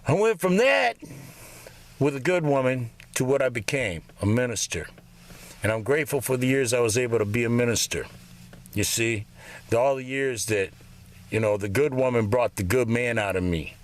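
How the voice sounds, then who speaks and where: A man's voice: medium pitch, no room sound. A man in his fifties ranting bitterly in a rambling, profanity-laden monologue. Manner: bitter, rambling, swears constantly. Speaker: vlogger.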